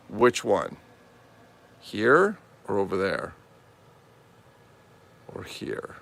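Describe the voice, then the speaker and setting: A man's voice: on the low side, sing-song, slow, creaky, long pauses, fairly bright tone. A tired man chatting casually and rambling on a livestream, swearing freely. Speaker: toy collector livestream host.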